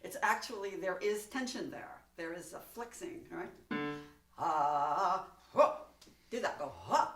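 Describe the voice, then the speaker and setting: A woman's voice: fairly low pitch, expressive, a little slow, over music. A woman teaching a one-on-one singing lesson, coaching and demonstrating in an encouraging way. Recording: echoey room, voice from a distance.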